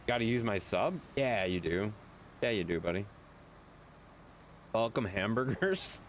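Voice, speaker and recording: A man's voice: lowish voice, lively intonation, measured pace, long pauses, slight background noise. A man streaming a video game, chatting casually with viewers, reading their chat aloud and laughing often.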